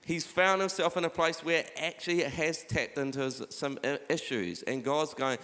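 A middle-aged man preaching a sermon, urging his listeners on with repeated "come on" and dropping quieter when he reads scripture aloud. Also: on the high side, fairly even intonation, moderate pace, hardly any pauses. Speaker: pastor. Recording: long hall reverb.

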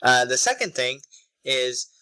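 A man's voice: medium pitch, sing-song, unhurried, sharp tone, clean tone, dry recording, rough recording. A young man co-hosting a podcast in casual chat, joking and loose, often trailing off with fillers. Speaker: podcast co-host.

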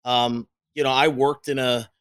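A man's voice: medium pitch, little pitch movement, measured pace, fairly bright tone, clean tone, no echo. A man speaking earnestly with frequent restarts as a guest in a political discussion. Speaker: panel guest.

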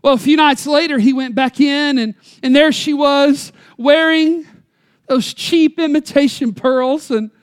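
With a voice that sits high, a preacher relates a story in a sermon, sounding folksy and conversational. Volume swings from loud emphasis down to quiet, with key words stressed slowly.

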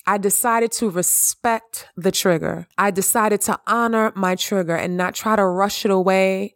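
A woman hosting a heartfelt solo podcast monologue at home. She speaks with passion and stresses her words, repeating her phrases and climbing high when she reassures herself. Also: normal speed, hardly any pauses, no room sound, studio quality. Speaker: podcast host. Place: at home in the evening.

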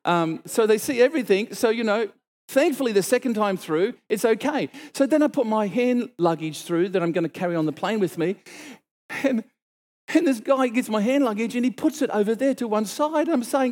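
A middle-aged man preaching, telling a story and acting out the dialogue with sudden exclaimed lines. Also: brisk. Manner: animated, acts out dialogue with sudden high exclamations. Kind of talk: storytelling sermon.

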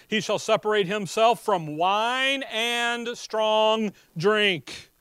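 High-voiced folksy preacher. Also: male voice, drawn-out words, clear, resonant tone, no room sound. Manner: folksy, animated Bible teaching with scripture readings. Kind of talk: sermon.

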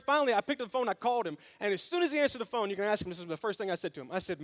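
A man's voice: sits high, racing, hardly any pauses, fairly bright tone. A man preaching a sermon as pastor, telling a story with humor and speaking straight to his congregation. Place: church sanctuary.

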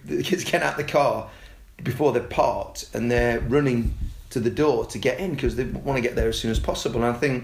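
A man, a youth football coach talking casually and telling animated stories. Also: creaky, roomy sound. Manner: animated storyteller, mimics excited kids in a high voice. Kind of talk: casual podcast chat.

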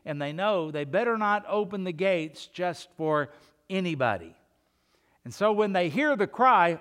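An older man preaching a sermon as pastor, rising to loud calls and dropping to quiet asides. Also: a little high.

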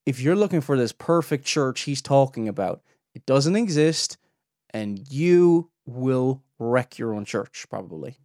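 A man hosting a podcast, giving pointed, animated critical commentary with rhetorical questions. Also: medium pitch, unhurried, no room sound, clean studio sound. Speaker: podcast host reviewing a preacher's clips.

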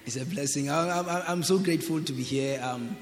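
Hesitant guest pastor from Ghana. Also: male voice, fairly high pitch, brisk, a little hiss or hum. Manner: hesitant, with fillers and laughter. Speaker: visiting pastor. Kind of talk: guest address in church. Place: church hall. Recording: roomy church hall, crowd murmur.

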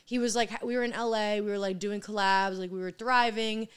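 In a casual conversation, a woman in her twenties appears as a guest and tells stories, filling them with lots of "like." Her medium-pitched voice stays steady and smooth, and she talks at a brisk clip.

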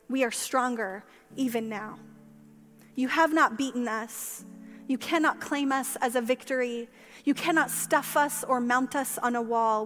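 A woman pastor preaching a sermon with passion, climbing to emphatic peaks and then falling soft. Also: a little high, a little slow, soft background music. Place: church sanctuary. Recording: long church-hall reverb.

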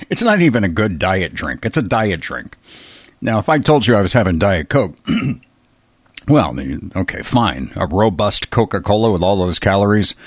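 A man's voice: sits low, slightly rough, dry recording. A man in his fifties talking alone in a bedroom, a rambling, self-deprecating solo monologue with chuckling asides. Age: 50s. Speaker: podcast host.

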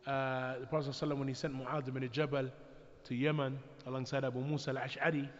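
A man giving a religious lecture in a measured way, with frequent restarts and pauses. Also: medium pitch, flat delivery. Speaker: Islamic preacher. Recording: echoey hall, dull lo-fi sound.

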